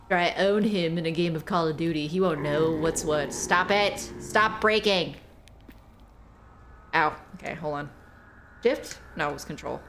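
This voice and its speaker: A woman's voice: sits low, unhurried, fairly bright tone, a little hiss or hum, rough recording. A woman streamer giving casual gameplay commentary, playful and teasing, swearing freely and talking back to the game's characters. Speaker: game streamer.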